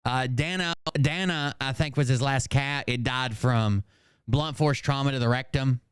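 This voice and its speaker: A man's voice: mid-range voice, unhurried, background noise. A man giving sarcastic reaction commentary with crude, mocking jokes.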